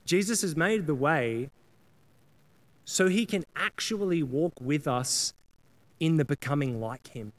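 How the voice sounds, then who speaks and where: A man's voice: a little high, animated, a little slow, pauses often. A man preaching a sermon in a casual, earnest way, often acting out prayers and apologies in quoted voices. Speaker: pastor.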